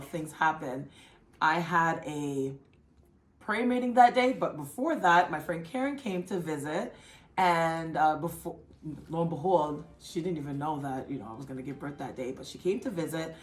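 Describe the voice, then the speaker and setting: A woman vlogger casually telling her own story in a chatty, animated way. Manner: chatty, animated, acts out others' lines in a high excited voice. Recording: echoey room with faint music.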